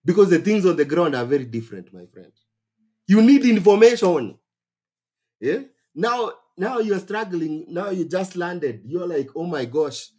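Husky-voiced Kenyan man, animated. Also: high-pitched, a little slow. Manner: animated, exclamatory, repeats phrases for emphasis. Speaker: host. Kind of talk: casual advice livestream.

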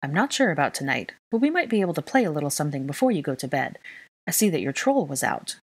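A woman's voice: sits low, sing-song, quick pace, breathy edge, no echo, full character voice. A woman voicing a composed, lightly teasing young man in a fan fiction reading. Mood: calm.

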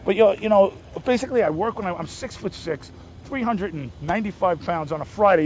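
A man's voice: high-pitched, a little fast, a little mellow, muffled recording, slight background noise. A man in his fifties with a New Jersey accent, a guest actor chatting in an interview, brash and jokey, often restarting his sentences. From New Jersey, USA. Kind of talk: casual interview chat. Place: outdoors in a city.

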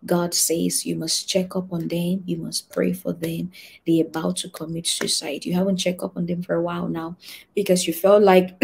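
Here a woman pastor speaks in a creaky, husky voice on the low side, giving sincere prophetic testimony and prayer. She circles back to key phrases, alternating hushed murmurs with shouting.

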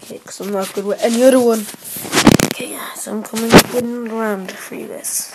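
A young woman giving casual gameplay commentary as host of her gaming channel, rambling and repeating herself, with sudden excited shouts. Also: mid-range voice, a little fast, heavy background noise.

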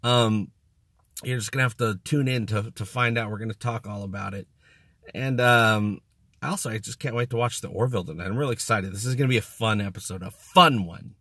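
A man's voice: fairly low pitch, fairly quick, fairly bright tone, husky, no room sound, studio quality. A man hosting his own channel, talking casually to the camera in a rambling, self-mocking, jokey way. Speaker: YouTube channel host. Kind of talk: casual vlog talk to camera.

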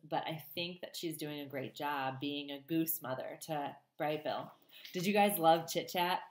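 A woman's voice: low-pitched, echoey room. A woman teacher reading a children's novel aloud to her class and chatting to them, with a chatty manner and frequent ums. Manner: warm, chatty, many ums.

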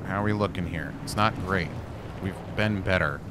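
Low-voiced man doing gameplay commentary. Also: moderate pace, background noise. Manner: chatty, talks to the game, flustered yelps. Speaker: gaming YouTuber.

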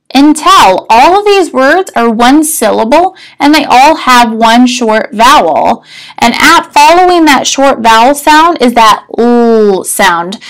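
A woman's voice: fairly high pitch, fairly bright tone, poor audio. A woman teacher explaining a spelling rule step by step, patient and methodical, often checking in with her students. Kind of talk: recorded spelling lesson.

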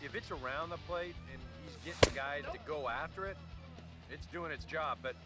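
A man giving relaxed, analytical baseball color commentary. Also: fairly high pitch, moderate pace, over loud music, close to an everyday voice.

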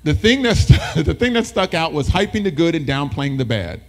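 A man giving a motivational presentation to educators as a keynote speaker, lively and talking with the audience, often acting out voices. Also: fairly high pitch, normal speed. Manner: animated, talks with the audience, acts out voices.

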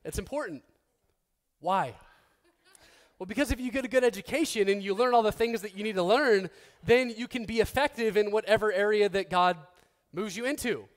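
Talking fast, a man in his thirties preaches as a pastor, joking conversationally and restarting sentences. He performs quoted speakers in a softer, lower voice.

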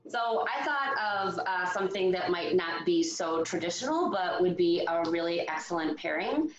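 A woman's voice: lowish voice, animated, normal speed, crowd noise. A woman co-hosting a wine show, chatting with enthusiasm over a call. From Chicago area, USA. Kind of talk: casual video-call chat. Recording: roomy, slightly dull video-call audio.

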